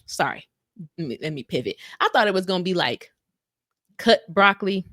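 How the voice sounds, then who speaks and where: Studio-quality audio with no room sound captures a U.S. podcast co-host telling a story at a brisk pace. Her casual storytelling is lively and full of slang, and she performs quotes with sharp pitch leaps.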